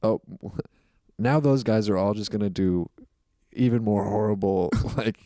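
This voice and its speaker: A man's voice: fairly low pitch, measured pace, mellow, no echo, clean studio sound. A man, a comedian guest on a podcast, telling stories in a rambling, reflective way with lots of fillers. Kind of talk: casual podcast chat.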